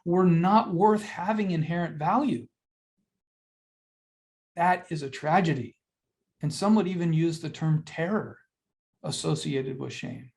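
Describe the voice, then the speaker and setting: Older webinar speaker, plain mid-pitched voice, earnest teaching manner, peppers the talk with rhetorical questions. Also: measured pace, vocal fry, long pauses, a little mellow. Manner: earnest and conversational, addresses listeners directly. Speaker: webinar presenter on mental health. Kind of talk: educational webinar lecture.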